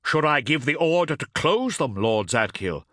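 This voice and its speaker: A man's voice: a little high, lively intonation, normal speed, fairly bright tone, no room sound, clean studio sound, voice pushed up. A man voicing a deferential male helmsman who urgently reports to his lord in a storybook reading.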